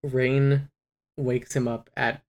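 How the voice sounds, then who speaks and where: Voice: mid-range voice, little pitch movement, takes it slowly, dull audio. A podcast co-host recapping a novel in casual, rambling chat full of fillers and restarts. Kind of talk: casual book discussion.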